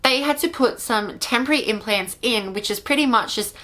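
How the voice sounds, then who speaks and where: A young-sounding Australian woman with a fairly high, bright, forceful voice tells a personal story to camera. She talks in a loose, animated way, leaning on "like" and dropping swear words as she goes. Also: brisk. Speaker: vlogger. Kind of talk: casual storytime.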